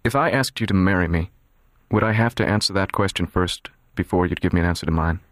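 A cold, controlled young man, played by a man in a dramatized audiobook, speaking low and evenly. His tone stays quiet, measured and detached. The recording is dry and close, with no room sound. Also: dry recording, close to an everyday voice. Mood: calm, guarded.

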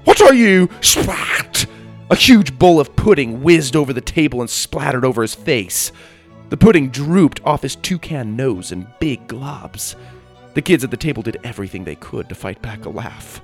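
Animated male storybook narrator. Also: medium pitch, moderate pace, soft background music. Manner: animated, expressive.

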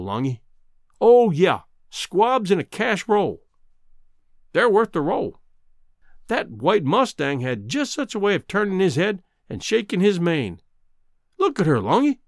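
A man voicing a brash, loud cowboy rancher who talks in drawling frontier slang. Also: high voice, dry recording, clean studio sound, exaggerated voice.

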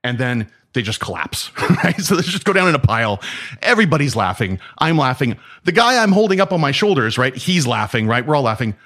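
A man telling martial arts stories in a casual, animated way, acting out dialogue and often asking "right?". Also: medium pitch, a little fast. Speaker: martial arts instructor and guest. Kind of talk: casual storytelling.

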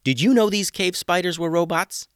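A man voicing a fiery, quick-tempered young woman ninja who shouts indignantly in a storybook reading. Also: fairly low pitch, smooth, dry recording, clean studio sound, voice pushed up, lightly acted. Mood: shocked. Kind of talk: storybook character voice.

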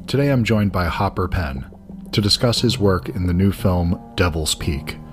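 Over soft background music, a low-voiced, animated man speaks at a moderate pace. He's a Georgia podcast host with a Southern accent, eagerly chatting in a conversational film interview and often rambling and restarting.

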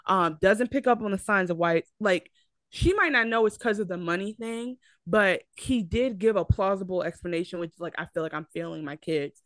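A young woman co-hosts a casual podcast and makes her point in a lively, argumentative way. She trips over her words and restarts often. Her voice sits at an ordinary pitch and sounds dry and close to the mic. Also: moderate pace, dry recording. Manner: animated, argumentative, lots of fillers and restarts. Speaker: podcast co-host. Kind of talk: casual chat.

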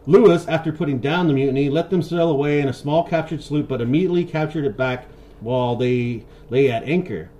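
A man's voice: fairly high pitch, fairly quick, dark tone, dull audio, a little hiss or hum. A man hosting a podcast, loosely retelling a historical story in a casual, profane way. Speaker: podcast host.

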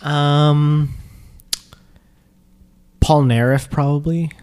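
A man co-hosting a podcast, dropping deadpan one-liners in casual chat. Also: fairly high pitch, very slow, clean tone. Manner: deadpan, jokey. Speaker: podcast co-host.

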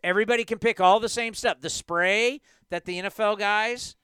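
A man hosting a sports talk show, ranting emphatically in a lively, animated way. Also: high voice, normal speed, smooth, no room sound. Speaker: host.

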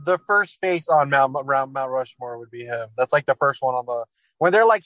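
A man's voice: medium pitch, moderate pace, a bit bright, dry recording. A man co-hosting a casual podcast chat, joking crudely and swearing often. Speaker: podcast co-host.

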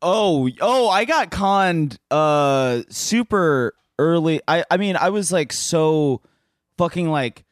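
A man who is a comedian, telling a story in a halting, self-deprecating way with many restarts. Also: on the high side, animated, dry recording, studio quality. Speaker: comedian guest. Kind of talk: casual storytelling.

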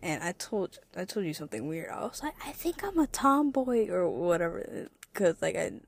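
A woman's voice: on the low side, very animated, normal speed, vocal fry. A young woman, the host's daughter and a guest, casually retelling memories with a giggly manner. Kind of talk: casual chat.

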